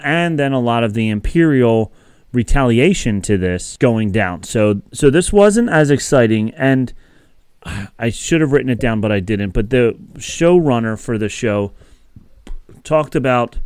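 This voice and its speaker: A man hosting a podcast talks through the episode in a loose, rambling way, laughing often as he goes. His voice comes through smooth and resonant, recorded dry and close with no room sound. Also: medium pitch, a little mellow, no echo. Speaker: podcast host. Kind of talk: casual podcast chat.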